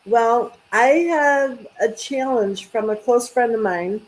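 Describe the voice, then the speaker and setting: A woman's voice: on the high side, slow, slight background noise, poor audio. A woman hosting a casual chat, rambling and trailing off, sleepy. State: sleepy, yawning. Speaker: channel host.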